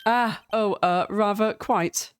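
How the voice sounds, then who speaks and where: A woman voicing a prim, fawning male hotel bellboy who speaks formally and drops to a lower pitch on each "sir", read aloud over a game. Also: slow, clean tone, lightly acted. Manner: formal and deferential, ends lines with a low "sir".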